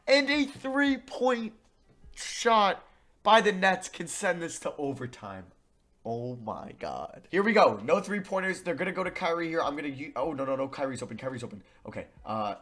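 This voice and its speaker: A young man commentating his own basketball video game, muttering plans and then shouting at the plays. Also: medium pitch. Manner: excitable, swings from muttering to yelling. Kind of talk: gaming commentary.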